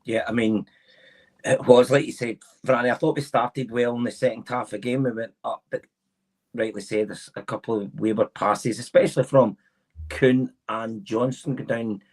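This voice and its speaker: A man with a fairly low voice talks football on a podcast. He is earnest and builds steadily toward firm, emphatic points. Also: poor audio. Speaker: podcast co-host. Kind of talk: casual football chat.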